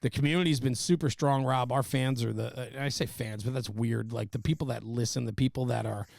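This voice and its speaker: Guy hosting a podcast, gravelly voice, lots of ums, dry close mic. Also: medium pitch, steady tone, fairly quick, darkish tone, no room sound. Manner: rambling, many fillers. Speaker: podcast host. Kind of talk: casual podcast chat.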